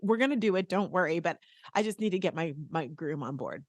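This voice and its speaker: A woman co-hosting a podcast, chatting casually and telling stories with quick laughs. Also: on the low side, no room sound. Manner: chatty, animated storytelling with laughs. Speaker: podcast co-host. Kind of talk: casual chat.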